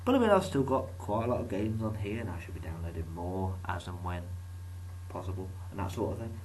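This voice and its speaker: A man's voice: low-pitched, expressive, a little fast, darkish tone, far from the mic, rough recording. A man talking casually to his viewers, rambling and joking at his own expense. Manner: rambling, joking, self-deprecating. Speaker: YouTuber. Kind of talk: casual vlog monologue.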